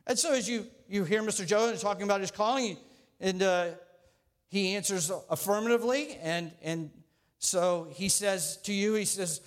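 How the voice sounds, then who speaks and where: High-voiced pastor preaching casually. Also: male voice, normal speed. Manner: conversational, joking with congregation. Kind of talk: sermon.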